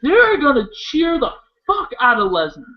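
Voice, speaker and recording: A man's voice: very high voice, moderate pace, highs cut off. A man from Iowa co-hosting a casual wrestling chat, rambling and swearing freely as he goes off topic. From Iowa, USA. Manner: rambling, profane, excitable. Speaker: wrestling show co-host.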